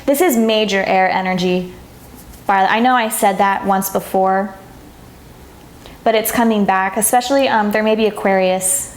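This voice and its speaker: A woman reading tarot cards to her viewers, speaking softly and warmly, sometimes moved to tears. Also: mid-range voice, fairly even intonation, normal speed, echoey room. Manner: soft, emotional, gets teary and laughs. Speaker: tarot reader. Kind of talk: pick-a-card tarot reading to camera.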